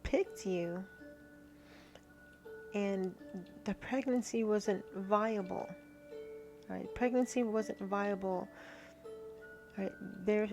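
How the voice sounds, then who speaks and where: A woman tarot reader speaks slowly to her viewers, her voice full of gravelly fry. She stops and restarts often and keeps asking "right?". Soft music plays faintly under her reading. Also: medium pitch, level tone. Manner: halting, repeats herself, frequent "right?". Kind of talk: spiritual card reading to viewers.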